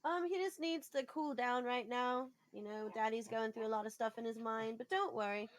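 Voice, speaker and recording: A woman taking part in a tabletop role-playing game. She speaks calmly and gently. Her voice sits somewhat high. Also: moderate pace. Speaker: player. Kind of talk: in-character tabletop play.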